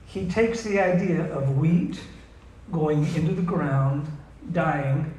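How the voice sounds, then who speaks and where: A man preaching a sermon, emphatic, reading scripture slowly and asking his listeners questions. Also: fairly high pitch, dark tone, reverberant, low-quality recording. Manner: emphatic, asks the audience questions, reads verses slowly.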